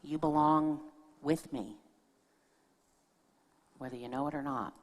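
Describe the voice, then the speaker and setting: A guest minister with a deep voice speaks slowly from a church sanctuary, her sermon shaped as conversational storytelling with asides to the congregation. The long reverb of the church hall hangs on every word.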